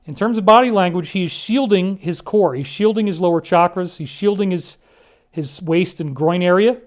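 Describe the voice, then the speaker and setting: Man, high-pitched voice, earnest, emphatic, monologue commentary, speaks straight to listeners. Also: moderate pace.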